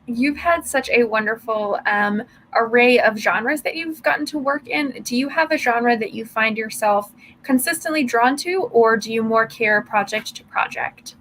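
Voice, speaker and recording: Woman co-host, upbeat, higher voice, faint background noise. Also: moderate pace, few pauses, a bit bright, poor audio. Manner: upbeat, with frequent "um" fillers. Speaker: fundraiser stream co-host. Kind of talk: livestream hosting and interviewing.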